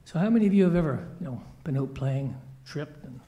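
A man telling a children's story in a church service, playful and animated, acting out quoted lines. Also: on the high side, a little fast, lo-fi sound.

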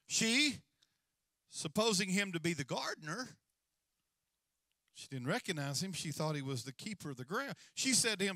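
A male senior pastor preaching a sermon, telling the story with swings from hushed asides to loud, urgent lines and calls for amens. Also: sits high, very animated, normal speed, pauses often, dry recording, studio quality.

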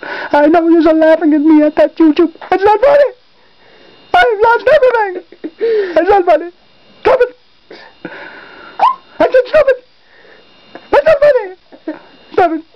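Woman voicing a high, slow, sulky dinosaur, dull lo-fi home recording. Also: expressive, slight background noise. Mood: wailing. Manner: indignant, sulky, wailing complaints. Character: angry, whiny male dinosaur homeowner. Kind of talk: homemade toy comedy skit.

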